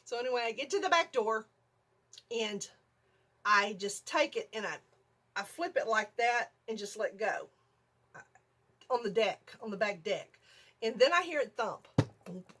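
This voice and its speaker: A middle-aged woman, telling an animated story on her vlog, laughing often and acting out her own screams. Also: a little high, unhurried, pauses often. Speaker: vlogger.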